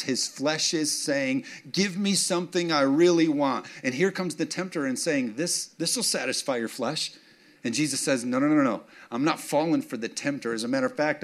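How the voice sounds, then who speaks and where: A middle-aged man preaching a sermon, telling self-mocking stories with humor and often asking the congregation if they are with him. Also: mid-range voice. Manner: animated, asks congregation for response. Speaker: pastor.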